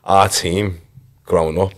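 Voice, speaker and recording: Low-pitched and slow, a thirtysomething ex-footballer with a Liverpool accent recounts tales during a casual podcast interview. His storytelling is relaxed, full of "like" and "you know."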